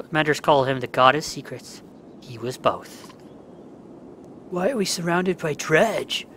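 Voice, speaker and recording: A let's play gamer with a fairly high pitch and fairly bright tone plays a story game, with a slight hiss or hum on the audio. He reads all the characters' dialogue in his own voice, and glitchy controls set off angry, profane outbursts.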